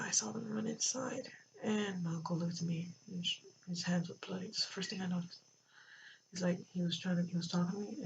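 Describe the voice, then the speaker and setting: A vlogger telling a personal story in a halting way, full of fillers and restarts, recorded near a road with cars going by. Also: mid-range voice, gravelly. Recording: dull lo-fi with faint traffic noise.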